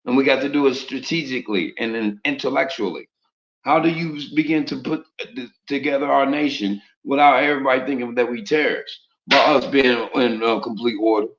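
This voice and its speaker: Captured in muffled lo-fi audio with roomy echo, a religious speaker talks briskly in a medium-pitched, fairly bright voice, preaching casually in streetwise slang and throwing out rhetorical questions.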